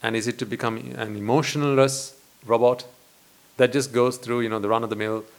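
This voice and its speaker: This is a Buddhist monk, a man, offering a dharma talk with a steady tone and a mid-range voice. His delivery is deliberate, built on repetition and rhetorical questions.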